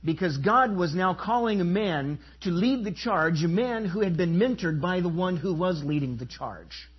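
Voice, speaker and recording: A pastor delivering an emphatic sermon, asking the congregation rhetorical questions and inviting them to respond. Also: male voice, sits high, lively intonation, normal speed, breathy edge, muffled recording.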